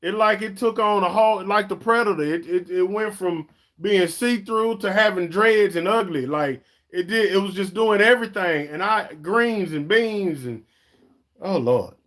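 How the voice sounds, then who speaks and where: A man's voice: high voice, moderate pace, fairly bright tone. A man, hosting a casual live-stream chat for a fishing channel, talking in a chatty, emphatic way and often calling viewers "y'all" and "man".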